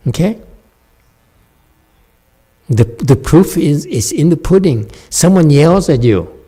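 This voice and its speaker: This is a man teaching meditation in a question-and-answer dharma talk. He speaks slowly in a mellow, relaxed voice. He laughs often and keeps checking in with "okay?". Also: a little high, breathy edge.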